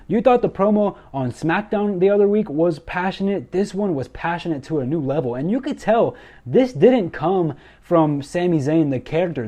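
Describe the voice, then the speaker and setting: A young man excitedly recapping a wrestling show, gushing and repeating himself as he goes. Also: a little high. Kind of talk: enthusiastic recap commentary.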